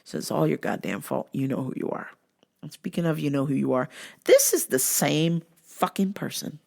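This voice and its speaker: Creaky-voiced woman ranting with profanity. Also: sits low, expressive, moderate pace, darkish tone. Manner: profane, exasperated storytelling. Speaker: vlog host and store worker. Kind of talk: casual vlog rant.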